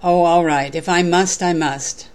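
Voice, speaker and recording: A woman's voice: fairly low pitch, steady tone, unhurried, a little mellow, close to an everyday voice. A woman voicing a greedy, sulking king while reading a storybook tale aloud. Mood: grudging. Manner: lightly acted storybook reading.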